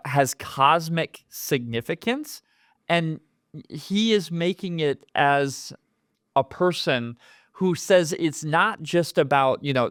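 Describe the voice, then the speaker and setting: A man's voice: a little high, smooth, no echo, clean studio sound. A man leading a conversational Bible study, earnest and explanatory, often repeating words as he works out a thought.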